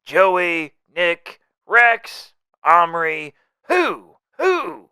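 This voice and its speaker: A man voicing a wisecracking, unhinged male mercenary in a fan audio drama, jokey and manic, swinging between whispers and shouts. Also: sits high, big pitch swings, drawn-out words, smooth, no echo, studio quality, exaggerated voice. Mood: manic teasing.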